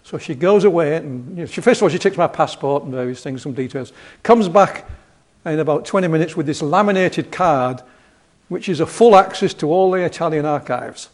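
A man's voice: on the high side, fairly quick. A man with a Yorkshire accent giving a casual lecture over slides, rambling and chatty with self-deprecating humor.

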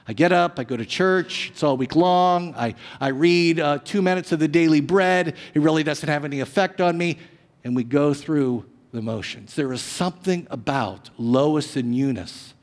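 Pastor, male, high voice, animated sermon delivery, heard in a reverberant church hall. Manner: animated preaching, swinging between loud emphasis and hushed, drawn-out lines. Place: church sanctuary.

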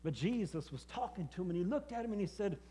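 A man preaching a personal testimony sermon, speaking haltingly with many fillers and repeated words. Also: sits high, expressive, dark tone. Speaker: preacher and former hospice chaplain.

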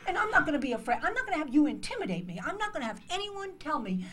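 Rapid-fire and fairly bright, her high voice swings widely in pitch as this American woman in her sixties rallies a room of interns in a conference hall. The emphatic, passionate speech includes acted-out dialogues.

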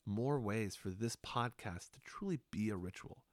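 A man hosting a podcast, speaking in a slow, reflective monologue with unhurried, hypnotic pauses. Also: on the low side, lively intonation, dry recording, studio quality.

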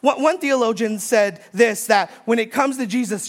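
A woman's voice: on the high side, moderate pace. A woman preaching a sermon, emphatic, repeating key phrases and rising in force when she quotes. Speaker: pastor.

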